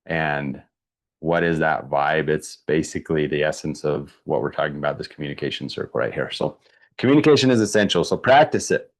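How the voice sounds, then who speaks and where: A man's voice: rumbling low, expressive, brisk. A man presenting an online workshop, talking conversationally with many fillers and asking viewers to answer in the chat. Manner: conversational, thinks aloud with fillers and restarts; asks the audience to answer in chat.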